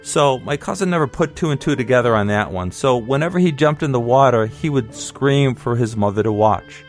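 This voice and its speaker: A man's voice: mid-range voice, animated, brisk, faint music behind. A middle-aged man telling a childhood story in a conversational, wry, nostalgic way. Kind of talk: personal storytelling.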